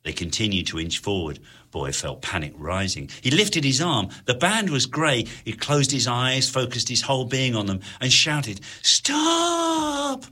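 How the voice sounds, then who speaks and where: Husky, expressive male narrator. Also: mid-range voice, normal speed. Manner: expressive, dramatic storytelling. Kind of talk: audiobook narration.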